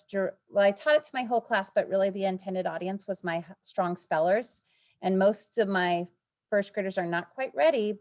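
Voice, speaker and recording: A first grade teacher presenting spelling rules in an online meeting, explaining step by step with fillers. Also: female voice, mid-range voice, darkish tone.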